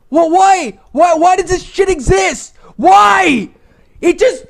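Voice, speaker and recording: A man, the channel's host, ranting and shouting in exasperation about a badly written story, swearing heavily and repeating himself in frustrated bursts. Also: very high voice, takes it slowly, vocal fry. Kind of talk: comedic angry rant reacting to a bad story.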